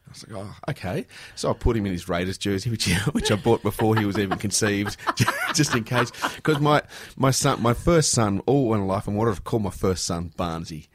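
An Australian man co-hosting a casual radio chat, telling animated stories with lots of laughter. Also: fairly low pitch, fairly quick, hardly any pauses. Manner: acts out voices and shouts inside anecdotes. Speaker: radio co-host.

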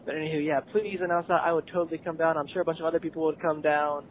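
A man's voice: on the high side, flat delivery, rapid-fire, no echo. A man leaving a rambling, friendly voicemail, full of ums and uhs. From Texas. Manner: rambling, friendly, uses lots of fillers. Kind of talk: casual voicemail message. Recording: phone-line voicemail.

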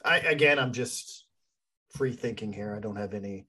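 A man's voice: on the low side, normal speed, bright, forceful tone, husky. A man co-hosting a casual sports chat, rambling and thinking aloud with plenty of fillers. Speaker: podcast co-host.

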